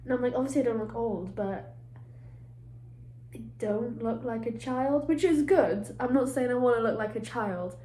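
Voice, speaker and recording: Sounding congested, a young woman with a British accent rambles through a casual vlog in a resort hotel room, self-mocking and casually swearing. Her voice sits on the high side with a dark tone and a moderate pace. The room is echoey with faint ambience and slight background noise.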